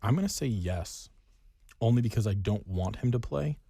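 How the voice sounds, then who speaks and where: Low mellow-voiced guy, dry jokes, casual sports talk. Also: expressive, normal speed, creaky, husky, dry recording. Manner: dry, wry humor. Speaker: podcast co-host.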